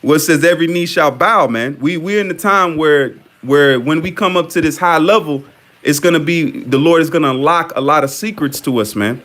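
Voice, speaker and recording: A man's voice: on the high side, fairly quick, a bit bright. A man giving religious commentary, reading passages aloud and repeating questions, often ending phrases with "man".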